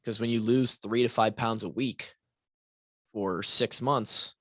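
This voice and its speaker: A man's voice: lowish voice, steady tone, slow pace, fairly bright tone, no room sound. A man hosting a fitness podcast alone, talking casually with restarts, asides and frequent "right?", a bit tired. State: tired, yawning. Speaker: podcast host and fitness coach. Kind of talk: casual solo podcast talk.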